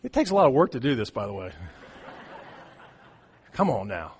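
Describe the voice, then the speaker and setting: A man preaching a sermon, his voice swinging from hushed asides to shouting, often repeating words as he restarts his phrases. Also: mid-range voice, sing-song, normal speed, some chatter behind, a little hiss or hum. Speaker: pastor.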